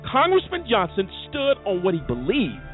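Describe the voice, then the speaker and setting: Talk show host guy, kinda high, emphatic and rambly, phone-like sound, faint music under. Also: wildly swooping pitch, normal speed. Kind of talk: casual talk show hosting.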